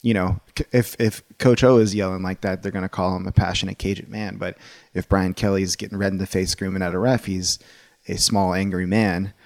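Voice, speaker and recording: A lower-voiced man giving his take on a college football hire in a loose, opinionated way, often restarting his sentences. His voice is recorded close and dry, with no room sound. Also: brisk, dry recording. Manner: animated, opinionated, rambling with restarts. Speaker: sports podcast co-host. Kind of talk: casual sports talk.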